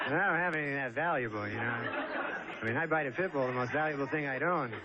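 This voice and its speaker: A young man doing a rambling, deadpan stand-up comedy set, with audience laughter behind him. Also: medium pitch, highs cut off, a loud crowd, very noisy. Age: young adult. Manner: deadpan, rambling, drawn-out delivery.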